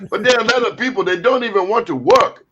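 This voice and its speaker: A male talk show host with a fairly high voice. He talks in an animated, emphatic way, leaning into his points with lively asides. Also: fast, highs cut off, a little hiss or hum.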